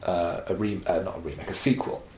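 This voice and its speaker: A man chatting casually about films, animated and wry, with exasperated asides. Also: low voice, a little fast. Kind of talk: casual film chat. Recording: roomy echo, faint background noise.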